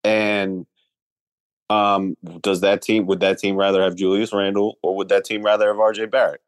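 A man analysing basketball trades in a casual talk show, measured and weighing each side. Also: lowish voice, little pitch movement, clean tone, no echo. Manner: measured, weighing options, with restarts.

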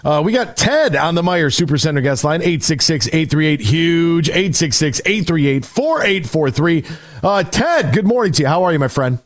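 A man's voice: fairly high pitch, lively intonation, moderate pace, no echo, studio quality. A man hosting a sports radio show in a casual, emphatic style, often restarting his sentences. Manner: conversational, emphatic, frequent restarts.

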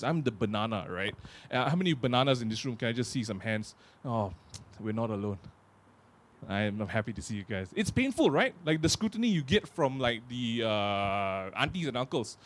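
A man's voice: mid-range voice, animated, moderate pace. A young man from Malaysia with a Malaysian English accent, performing a chatty, self-mocking stand-up comedy set. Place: office meeting hall.

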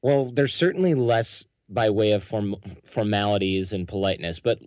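Candid American man, low voice. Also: normal speed, a little mellow, no room sound, studio quality. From United States. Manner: candid, opinionated, acts out quotes. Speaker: podcast founder, guest. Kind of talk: casual interview answers.

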